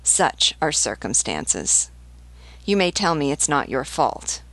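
A woman reading the lines of an aged aristocratic male marquis from a novel, calm and unhurried, stressing nothing. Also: low-pitched, no room sound, exaggerated voice. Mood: calm, scornful. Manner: calm, unhurried, unstressed delivery.

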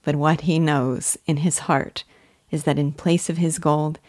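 A woman's voice: low-pitched, flat delivery, darkish tone, dry recording, clean studio sound. A woman giving earnest, admiring scripted commentary on a classic novel as a literature guide. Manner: earnest, admiring, measured reading.

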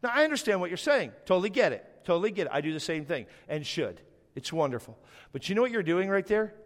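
A man's voice: high-pitched, sing-song, fast, long reverb tail. A man pastor delivering a sermon in a church, emphatic and building phrases in repeated lists.

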